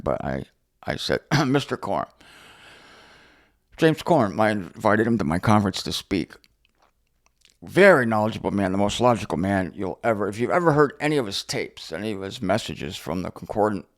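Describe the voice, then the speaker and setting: A middle-aged man teaching the Bible in an unscripted monologue, sarcastic and animated as he answers objectors directly. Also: fairly low pitch. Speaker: Bible teacher and show host.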